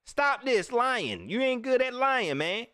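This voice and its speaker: A man hosting a live sports show, teasing and preaching in casual, animated commentary. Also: extremely high pitch, slow, clear, resonant tone, no room sound, clean studio sound.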